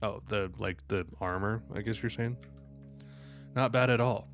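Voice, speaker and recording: A man with a lowish voice streams live, faint music playing behind him as he reads manga panels aloud. He voices every character's lines, reacting quickly in between, and sounds sleepy, yawning along the way.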